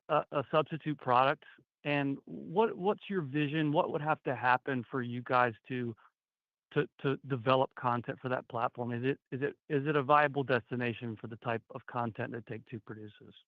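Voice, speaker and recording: A male analyst asking long, halting questions on an earnings call, full of restarts. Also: mid-range voice, no echo. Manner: rambling, many restarts. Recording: dry, muffled phone audio.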